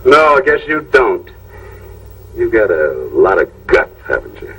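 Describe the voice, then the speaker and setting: An actor playing a determined cop who speaks slowly and threateningly in an old film. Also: male voice, fairly low pitch, huge pitch swings, creaky, a bit bright, slightly rough, heavily acted. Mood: grim. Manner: slow and threatening. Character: grim, determined middle-aged cop. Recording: old film sound, distant mic, faint noise.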